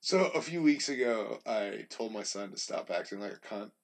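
A middle-aged man co-hosting a casual podcast chat, telling crude, jokey stories with lively energy. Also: on the low side, moderate pace. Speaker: podcast co-host.

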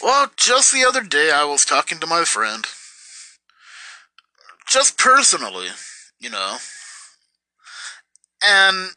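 Young man, rambling bitter rant, lively pitch, tense edge. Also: takes it slowly, pauses often, dry recording, low-quality recording. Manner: bitter, rambling with many fillers. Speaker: vlogger. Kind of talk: ranting personal story.

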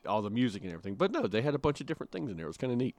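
A man's voice: medium pitch, sing-song, very fast, a little mellow, no echo. A man co-hosting a podcast in casual, joking chat, with frequent filler words. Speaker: podcast co-host.

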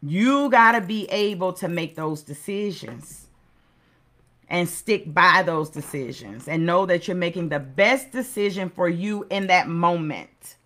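A woman's voice: on the low side, animated, measured pace, fairly bright tone. Middle-aged woman, motivational host; earnest, sermon-like delivery with repeated phrases. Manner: earnest, preacherly, repeats key phrases for emphasis. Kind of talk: motivational talk.

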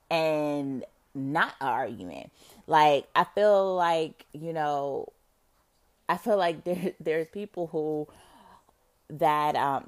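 A woman musing aloud to her viewers in a casual monologue, rambling with many fillers and swearing freely. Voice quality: expressive, swings between low murmur and loud outbursts. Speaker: vlogger.

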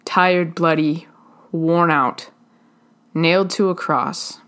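A woman giving a sermon in a slow, halting, earnest way, pausing often between phrases. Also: on the low side, fairly even intonation, a bit bright, smooth. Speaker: preacher.

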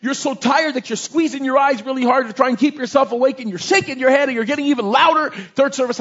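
A man's voice: very high-pitched, a bit bright, dull audio. A man preaching a sermon as a pastor, emphatic and repetitive, with many "you know" fillers.

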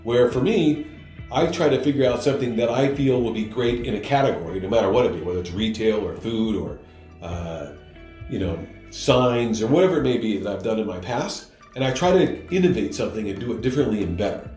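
A man's voice: mid-range voice, animated, brisk, darkish tone, roomy sound, faint music behind. A man, an entrepreneur being interviewed, speaking candidly and emphatically. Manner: candid, emphatic, plain-spoken. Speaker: entrepreneur guest. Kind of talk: interview answers.

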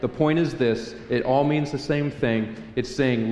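Animated man preaching in an echoey hall. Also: medium pitch, measured pace, hardly any pauses. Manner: animated, joking, acts out prayers in a raised voice. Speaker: pastor. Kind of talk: sermon. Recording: echoey hall, faint room ambience.

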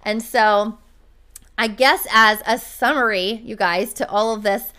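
A woman's voice: on the high side, fairly even intonation, a little slow, bright, forceful tone, clean tone. A woman talking as a podcast host and running coach, chatting casually and telling a story in an upbeat way.

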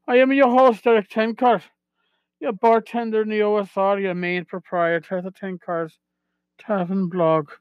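A hammy, sing-song stage-Irish brogue, pitched well above the host's own voice, as a man puts it on for the welcome. The sound is dull and muffled, as if from a home mic. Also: little pitch movement, moderate pace, smooth, no echo, close to an everyday voice. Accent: put-on Irish brogue.

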